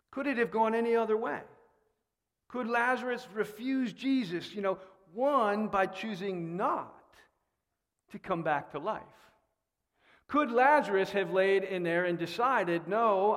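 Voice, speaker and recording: A man preaching a sermon in a church, animated and fond of rhetorical questions. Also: high-pitched. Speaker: pastor. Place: church sanctuary. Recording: long reverb in a church hall.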